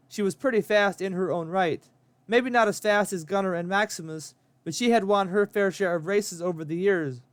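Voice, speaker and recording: A man narrating an audiobook story in a steady storytelling read. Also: high voice, smooth, no room sound.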